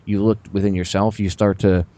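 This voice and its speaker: A man hosting a radio talk show, rambling with sarcastic, animated asides. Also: on the low side, brisk.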